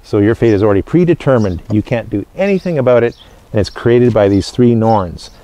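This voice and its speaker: A living history presenter gives a casual educational talk, explaining step by step in short phrases separated by pauses. He has a fairly low voice with an expressive, warm tone.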